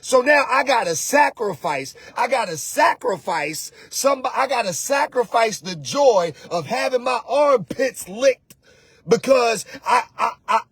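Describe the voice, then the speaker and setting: Host, husky high-voiced man, slangy animated coach, loud bursts, dry close sound. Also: a little slow, no room sound. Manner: animated, preachy, slangy, often shouting. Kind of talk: casual motivational talk.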